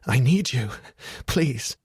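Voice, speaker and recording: A man's voice: medium pitch, lively intonation, slow, a little mellow, husky, no room sound, clean studio sound, full character voice. A man voicing a shy, eager young spinster lady who speaks in hasty, breathless pleas. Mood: pleading.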